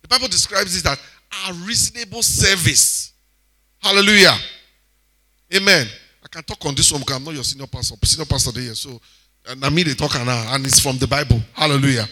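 A Nigerian-accented man preaches a sermon in a very bright, slightly high voice, exhorting the congregation. He's animated, bursting into loud exclamations before dropping into quiet asides.

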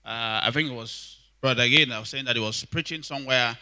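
A man's voice: medium pitch, quick pace, sharp tone. A man preaching a sermon, emphatic, repeating key lines and calling for responses from the congregation.

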